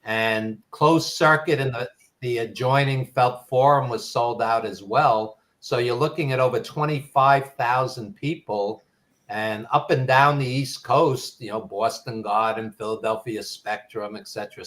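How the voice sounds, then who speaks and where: A man's voice: mid-range voice, a little slow, a bit bright. An older man with a Brooklyn accent, a podcast guest telling nostalgic stories in a rambling way full of ums. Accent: Brooklyn New York. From New York. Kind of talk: casual storytelling.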